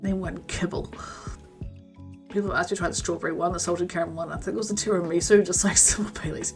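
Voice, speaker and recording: Chatty woman streamer, low voice. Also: fairly even intonation, quick pace, faint music behind. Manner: chatty, answers viewers' comments. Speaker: crochet streamer. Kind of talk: casual chat while crocheting.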